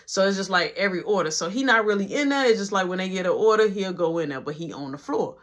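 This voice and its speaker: A young man casually telling a story about his workplace, animated and slangy, acting out every quote. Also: high voice, fast.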